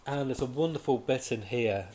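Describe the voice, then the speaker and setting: A man's voice: medium pitch, moderate pace, a little mellow, slightly rough. A man reviewing comics in casual chat, talking in an enthusiastic, rambling way and often restarting his sentences.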